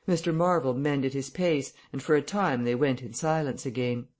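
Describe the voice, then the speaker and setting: An audiobook narrator reading a classic novel in a steady, measured way. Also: medium pitch. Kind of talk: scripted narration.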